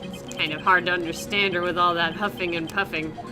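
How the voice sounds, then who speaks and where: A woman's voice: lowish voice, steady tone, brisk, music in the background. Goofy young woman gaming host. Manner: goofy, joking, breaks character. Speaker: let's play host. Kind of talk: casual game commentary.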